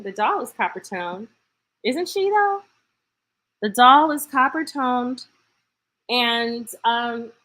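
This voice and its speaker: A woman's voice: a little high, fairly bright tone. A woman hosting a live stream, talking casually and playfully to her viewers and thinking aloud as she goes.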